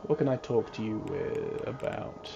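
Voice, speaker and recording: A man in a casual tabletop mystery game session, asking curious questions in a relaxed, musing way. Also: mid-range voice, a little slow, vocal fry, background noise. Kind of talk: casual actual-play talk. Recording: dull, slightly lo-fi sound with music.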